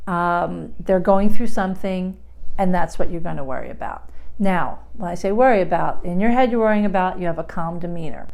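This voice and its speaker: Woman giving calm parenting advice. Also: medium pitch. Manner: demonstrates parent lines in bright acted voices. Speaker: parenting advice giver, therapist. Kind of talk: casual advice video.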